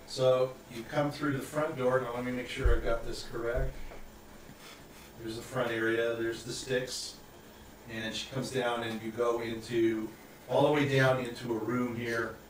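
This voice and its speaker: Game master, male, halting and rambling, heard from a distance in an echoey room. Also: mid-range voice, little pitch movement. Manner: rambling, halting, many fillers. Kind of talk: narrating a tabletop game. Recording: echoey room, mic far off, faint hiss.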